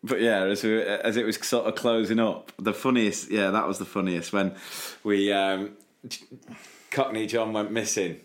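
A man with a fairly low voice, chatting casually on a podcast. He recalls a night out in an easygoing way and hands the story over to his co-host. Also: fairly even intonation, moderate pace. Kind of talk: casual chat.

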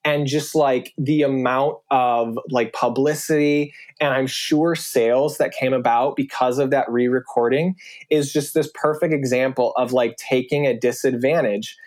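A man's voice: medium pitch, steady tone, a little mellow. Chatty man, heavy on "like". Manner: fast, filler-heavy talk with many "like"s. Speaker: podcast guest. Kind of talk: casual podcast chat.

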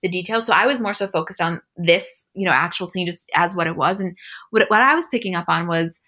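A young woman co-hosts a casual podcast recap and tells the scenes with a bright, forceful voice. She acts out the quotes animatedly, with her voice lifting when she plays the people in them. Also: lowish voice, fairly quick. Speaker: podcast co-host. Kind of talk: casual chat recapping a reality show.

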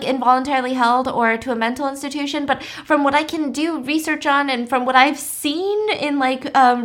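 Chatty young woman telling a story. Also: sits high. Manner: chatty, lots of "like", acts out quotes. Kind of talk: casual storytelling.

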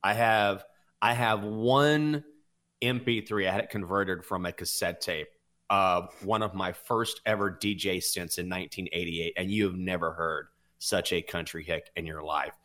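Low-voiced Southern man hosting a podcast. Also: fairly even intonation, normal speed, fairly bright tone. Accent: Southern American. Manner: rambling, self-reflective, restarts often. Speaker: sports betting podcast host. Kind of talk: casual chat.

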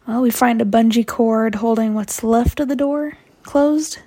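A woman's voice: on the high side, measured pace, warm tone. A young woman casually telling a personal story to a podcast, chatty and self-mocking.

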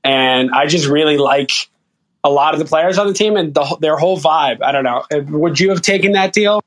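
A man's voice: fairly high pitch, moderate pace, a bit bright. A man calling in to a sports talk show, earnest and hesitant, often restarting his sentences. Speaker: caller.

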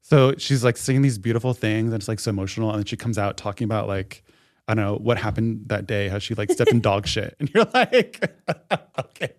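A man's voice: lowish voice, steady tone, quick pace, darkish tone, no room sound, clean studio sound. A man co-hosting a podcast, telling a story in casual chat, full of "like" fillers. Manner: chatty storyteller, heavy "like" fillers. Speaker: podcast co-host.

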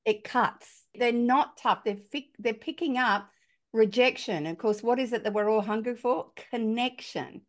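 A middle-aged woman with an Australian accent, speaking as a parenting author on a podcast and telling animated stories with voiced dialogue. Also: on the high side, measured pace. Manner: animated storyteller, acts out quoted dialogue. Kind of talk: conversational podcast storytelling.

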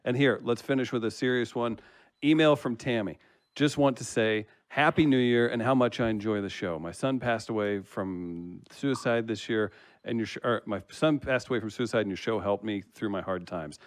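A man's voice: fairly low pitch, moderate pace, no room sound. Laughing easygoing male host. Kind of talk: casual chat, reading listener comments.

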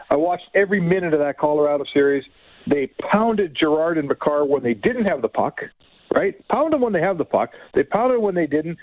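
A man's voice: fairly high pitch, dry recording, phone-quality sound. A man co-hosting sports radio, talking about hockey in an emphatic, indignant way and repeating points for stress. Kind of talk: heated hockey talk.

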